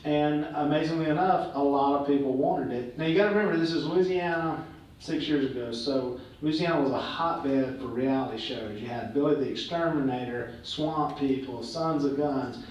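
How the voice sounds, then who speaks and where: Man, relaxed storytelling, lots of fillers, slightly high voice, very echoey hall, distant mic. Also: normal speed, highs cut off. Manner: relaxed, anecdotal, many fillers. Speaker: guest speaker. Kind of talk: on-stage storytelling. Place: hall with a live audience. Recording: echoey hall, heard from a distance, faint noise.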